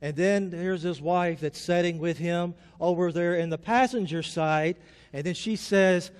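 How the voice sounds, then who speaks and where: A man's voice: high voice, measured pace, a little mellow, clear, resonant tone, big-room sound. A male pastor giving a conversational, story-filled sermon in a chapel.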